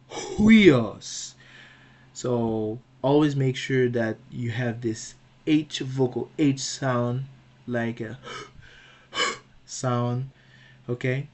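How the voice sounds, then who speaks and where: A man teaching a pronunciation lesson, patient and slow, asking the viewer questions and repeating each word several times. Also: mid-range voice, a little mellow. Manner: asks the viewer questions and answers them. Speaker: Greek teacher.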